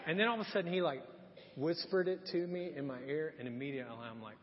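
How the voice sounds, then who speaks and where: A middle-aged male pastor preaching a sermon, telling a funny personal story with lively energy, then dropping to quiet, earnest appeals. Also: on the high side, fast talker, over a noisy crowd, very noisy. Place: church sanctuary. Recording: muffled echoey church hall.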